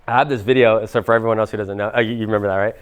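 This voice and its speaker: A man's voice: fairly low pitch, fairly even intonation, clear, resonant tone. A young man with a Miami accent coaching a live seminar audience, casual and profane, full of fillers. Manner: casual, profane, fast, many fillers like "like" and "bro". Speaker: business coach.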